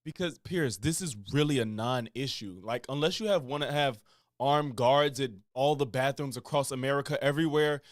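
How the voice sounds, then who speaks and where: A man's voice: mid-range voice, normal speed, no echo, studio quality, pitched below the performer's own voice, lightly acted. A man playing a weary liberal talk show guest. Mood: exasperated. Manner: flat, tries to list points while interrupted. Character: exasperated young male liberal guest. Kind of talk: parody sketch from his own video.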